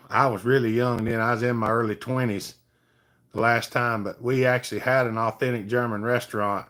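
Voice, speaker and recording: Folksy middle-aged man hosting a relaxed livestream chat. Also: mid-range voice. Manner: folksy, easygoing, talks to viewers by name. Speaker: livestream host. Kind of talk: casual chat reading viewer comments.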